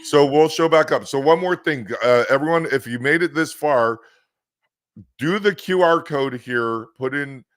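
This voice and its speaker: A man's voice: fairly high pitch, measured pace, a bit bright, dry recording, studio quality. A man with a West Coast American accent hosting a casual podcast, telling rambling stories full of restarts. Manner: rambling, chatty storyteller with many restarts. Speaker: host.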